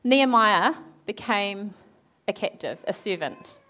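A woman preaching a sermon, retelling a Bible story in a lively way, acting out the characters' lines and asking her listeners questions. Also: medium pitch, a little slow. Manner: animated, acts out quoted characters, asks the audience questions.

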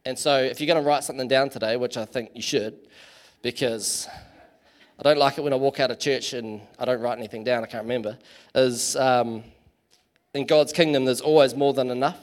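A man's voice: mid-range voice, fairly even intonation, fairly quick. A man giving a casual, chatty sermon in church, full of fillers and self-deprecating asides. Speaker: preacher.

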